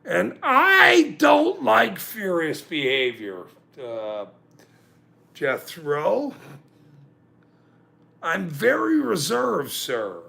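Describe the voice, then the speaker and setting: Gravelly, animated man ranting on a livestream. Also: sits high, extremely slow, long pauses, slight background noise. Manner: profane, laughing, insistent; reads and reacts to chat. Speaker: livestream host. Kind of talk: casual livestream rant.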